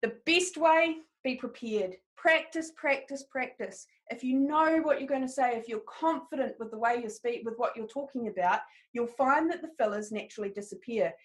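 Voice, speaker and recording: A woman leads a live training webinar. Her voice sits high and bright in pitch, and she keeps an upbeat, encouraging tone as she speaks directly to her listeners. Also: moderate pace, few pauses. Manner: upbeat, encouraging, talks straight to the audience. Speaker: presentation skills trainer.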